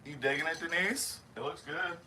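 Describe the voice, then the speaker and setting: A man's voice: fairly high pitch, normal speed. A man casually chatting with viewers on a livestream while he works in his workshop, swearing freely and mumbling as he goes. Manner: profane, laid-back, mumbles while working. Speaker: knifemaker livestreaming from his shop. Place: home workshop. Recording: noisy workshop livestream audio.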